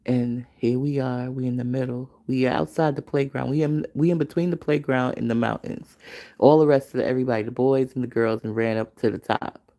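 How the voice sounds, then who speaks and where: A woman podcast host, telling a story in an animated way, with laughter and profanity. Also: extremely low pitch, fairly quick. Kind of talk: storytelling, casual chat.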